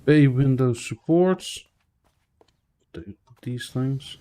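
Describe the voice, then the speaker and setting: A man talking casually with a friend during a co-op game, quietly pointing out what needs doing. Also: medium pitch, very slow, a little hiss or hum. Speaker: co-op gaming partner. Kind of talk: casual co-op gaming chat.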